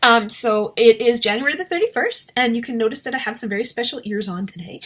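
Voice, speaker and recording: A woman's voice: a little high, quick pace, few pauses, fairly bright tone. Emotional, rambling woman vlogger. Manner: rambling, emotional, many fillers and restarts. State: shaky and teary. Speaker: direct sales consultant vlogger. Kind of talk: casual emotional vlog to camera.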